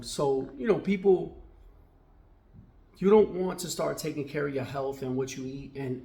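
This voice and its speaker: Casual barber vlogger, gravelly voice, chatty and conversational, talking to camera in his shop. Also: medium pitch, a little mellow, a little hiss or hum. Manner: conversational, with frequent "right?" tags. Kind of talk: casual vlog talk.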